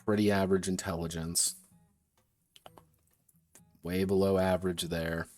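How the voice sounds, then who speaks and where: A man's voice: deep voice, flat delivery, measured pace, a little mellow, dry recording, soft background music. A man streaming as he designs a tabletop game, thinking aloud in a muttering way, often correcting himself and swearing casually.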